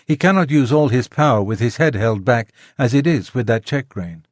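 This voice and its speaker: A man voicing a refined, gently persuasive gentlewoman in an audiobook, speaking politely and earnestly. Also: medium pitch, expressive, moderate pace, dry recording, clean studio sound, close to an everyday voice. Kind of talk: audiobook character reading. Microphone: close studio mic, dry.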